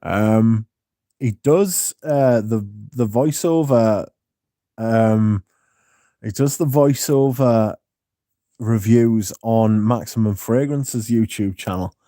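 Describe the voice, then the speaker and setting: A man's voice: lowish voice, slow pace, dark tone, dry recording. A man hosting a casual livestream, reading viewer comments aloud and answering them with dry, sardonic banter. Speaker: livestream host.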